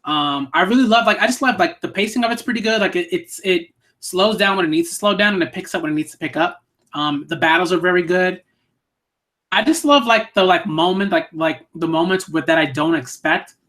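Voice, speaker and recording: A man's voice: high voice, a little fast, sharp tone. A man giving casual, rambling live-stream commentary while reading a manga, full of fillers and swearing. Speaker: manga reviewer streaming a read-through.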